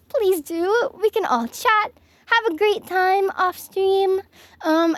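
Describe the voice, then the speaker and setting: A young woman with a very high voice wraps up her stream from her home office, the sound free of echo. Gushing and giggly, she thanks her chat in a casual sign-off.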